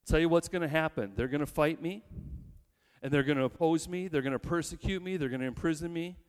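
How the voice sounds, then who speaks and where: A man's voice: fairly high pitch, fast talker, clear, resonant tone, close to an everyday voice. A man voicing a bold male teacher who rallies a ragtag band of followers, talking in a conversational, confiding way and asking rhetorical questions. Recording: long reverb in a large hall.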